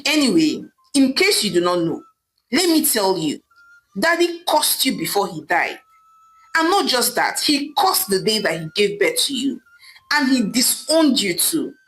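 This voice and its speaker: A woman's voice: medium pitch, sing-song, measured pace, fairly bright tone, a little hiss or hum, rough recording. A woman voicing a stern, scornful younger brother who scolds his sibling.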